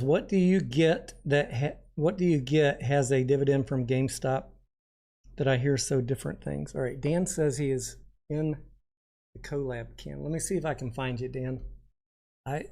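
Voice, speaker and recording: A man's voice: fairly high pitch, moderate pace, mellow. A man hosting a casual livestream, chatting and joking while reading viewer comments aloud. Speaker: livestream host.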